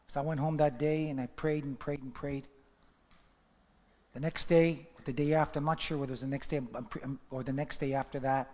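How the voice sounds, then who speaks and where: A man's voice: medium pitch, a little mellow. A man preaching a sermon, telling his testimony as a dramatic story and building to fervent emphasis. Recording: long reverb of a large hall.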